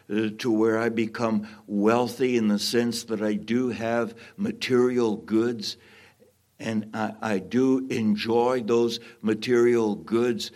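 A man's voice: mid-range voice, a little mellow. A man preaching a sermon, emphatic and given to repeating phrases for stress.

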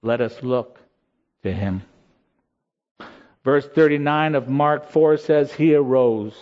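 A man preaching a sermon in a slow, earnest voice that rises in emotional peaks. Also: mid-range voice. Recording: slightly dull lo-fi sound.

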